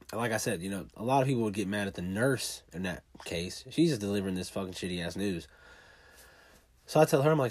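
A man tells a personal story in a blunt, heavily profane way, often talking fast. The recording is dry and close, with no room sound. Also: on the low side, a little mellow, no echo.

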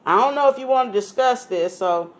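A young woman from California hosts a laid-back radio interview. Her voice sits a little high, and her talk is chatty and playful. She is openly nosy about her guest. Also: lively intonation, a little fast. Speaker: radio show host.

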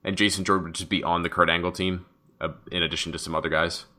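A man with a deep voice and a bright, forceful edge, chatting casually as a show's co-host. He rambles excitedly, piles ideas on top of each other and swears freely. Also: fast. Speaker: podcast co-host. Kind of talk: casual chat about wrestling.

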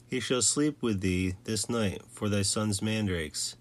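An envious, childless ancient wife, read by a man. The delivery is low-pitched and plain, a steady storybook reading. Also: a little slow, close to an everyday voice. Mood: pleading.

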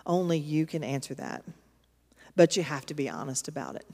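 A woman's voice: low voice, big pitch swings, moderate pace, vocal fry, a little mellow. A woman pastor, preaching a sermon in a storytelling, conversational way with emphatic asides to her congregation. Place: church auditorium. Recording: long reverb of a large hall.

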